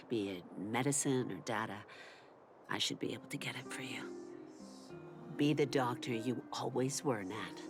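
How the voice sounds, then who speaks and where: A middle-aged woman voicing a comforting mother in a game, speaking in a soothing, reassuring way. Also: rumbling low. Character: warm, comforting mother of a grown daughter. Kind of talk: game dialogue. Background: game music.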